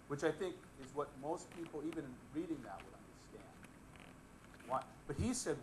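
A man's voice: mid-range voice, normal speed, long pauses, background noise. A man preaching a casual Bible lesson, chatting with the audience, asking them questions and joking as he goes. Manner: conversational, often asks the audience questions; relaxed and joking, chuckles while speaking.

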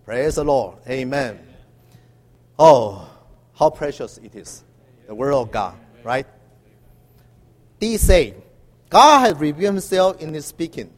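A man preaches in a high, lively voice inside a reverberant hall. His sermon is halting and packed with "uh" fillers, driven by emphatic call-and-response.

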